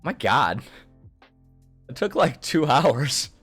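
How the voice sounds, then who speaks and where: A man's voice: mid-range voice, sing-song, takes it slowly, a bit bright, slightly rough, faint music behind. A man streaming a casual build session, chatting cheerfully and sounding easily delighted. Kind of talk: casual live-stream chat while building.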